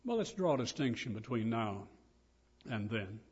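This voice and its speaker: A man's voice: medium pitch, big pitch swings, normal speed, a little mellow, slightly rough, dull audio. An older man preaching a sermon, earnest and emphatic as he quotes and explains scripture.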